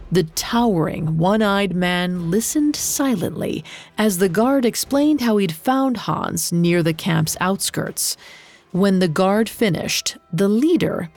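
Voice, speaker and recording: A woman reading a story aloud in a steady, unhurried manner as its narrator. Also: lowish voice. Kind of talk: scripted narration.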